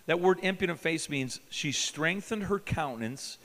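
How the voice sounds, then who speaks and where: A fairly high-voiced man preaches to a youth camp in a big hall with a long reverb tail. He drives his points home with emphatic questions to the crowd. Then he drops to a hush before rising again. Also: animated, measured pace, hardly any pauses. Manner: emphatic, questioning the audience, swinging from loud to hushed. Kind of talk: sermon.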